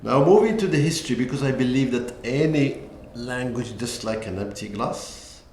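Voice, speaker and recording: A man presenting a book as a language teacher, talking deliberately and pausing often on "uh" between points. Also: mid-range voice, lively intonation, darkish tone, a little hiss or hum. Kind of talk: slow lecture-style walkthrough. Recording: echoey room with faint ambience.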